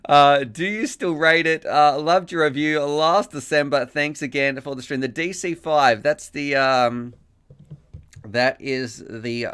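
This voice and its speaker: A man's voice: on the high side, measured pace, a bit bright, clear, resonant tone. Chatty man reading chat. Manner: rambling, thankful, laughs often while reading chat messages aloud. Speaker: live stream host. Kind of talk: casual live-stream chat reading donations.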